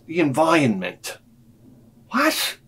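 A middle-aged man ranting to camera as a vlogger, profane and sarcastic, dropping to mutters and then shouting his outbursts. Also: fairly high pitch, wildly swooping pitch, slow pace, breathy edge. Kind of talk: rambling comic rant to camera.

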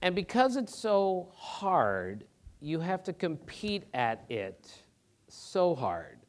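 Middle-aged male sports reporter, speaker at a theater event, animated and emphatic, slightly high voice. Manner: animated, emphatic, quick bursts of speech. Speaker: sports reporter giving a talk. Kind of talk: anecdotal storytelling presentation. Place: theater auditorium.

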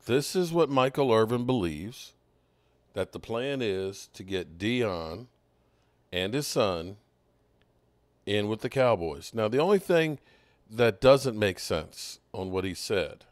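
On a sports podcast, a male host with a fairly low, animated voice talks slowly and thinks aloud, often restarting his lines. His casual, conversational commentary comes through with no echo.

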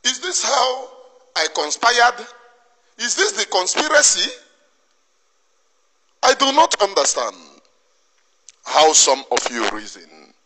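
A man's voice: sits high, very animated, slow pace, pauses often, bright, forceful tone. A man with a Nigerian Igbo accent in an impassioned monologue, scolding emphatically and repeating himself. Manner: emphatic, repetitive, preachy scolding. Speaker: activist commentator. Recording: long reverb.

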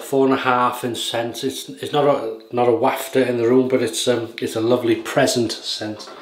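A man chatting casually while shaving, telling rambling stories that often lose their thread. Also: medium pitch. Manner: rambling, anecdotal, chuckling, loses his thread. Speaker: shaving vlogger. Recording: roomy with faint noise.

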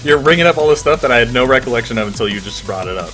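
A man's voice: mid-range voice, lively intonation, racing, sharp tone, faint music behind. A man streaming a game while drunk, chatting loosely with a friend, laughing and swearing casually.

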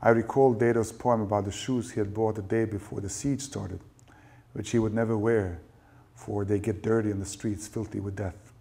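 A man reads his own fiction aloud to a lecture audience in a low voice. His delivery is measured and dry, and he lets each sentence land. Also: fairly even intonation, vocal fry, dark tone. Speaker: novelist reading his work. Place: lecture event.

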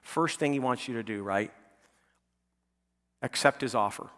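Pastor preaching in a reverberant church. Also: male voice, medium pitch, a little slow, a bit bright. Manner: conversational preaching, frequent "okay?" and "right?" checks with the congregation; rises to emphatic, pleading peaks. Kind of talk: sermon. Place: church sanctuary.

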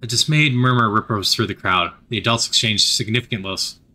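A man narrating a story game aloud, with animated, expressive narration. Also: fairly low pitch, a little fast.

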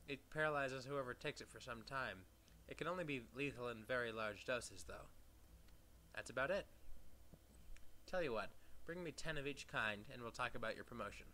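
Brief: man as no-nonsense game boss, businesslike, bright voice. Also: mid-range voice, a little hiss or hum, natural voice. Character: brisk adult male rose-business boss.

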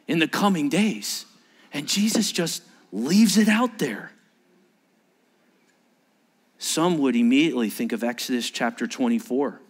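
A man preaching a sermon in church, dramatically acting out the voices of the people in his story. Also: fairly high pitch. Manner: dramatic, acts out quoted disciples with shifting voices. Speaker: pastor.

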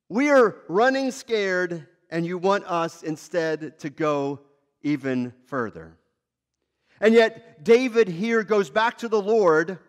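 High-voiced animated male pastor. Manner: conversational, animated, wide swings in pitch and loudness. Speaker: lead pastor. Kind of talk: sermon.

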